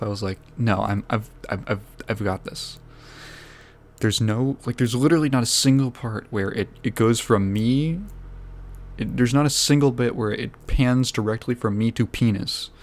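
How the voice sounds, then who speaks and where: A man hosting a podcast tells a story in a loose, rambling way. He swears freely, pokes fun at himself and breaks into laughter often. His voice sits at an ordinary middle pitch. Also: moderate pace. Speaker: podcast host. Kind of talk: casual storytelling.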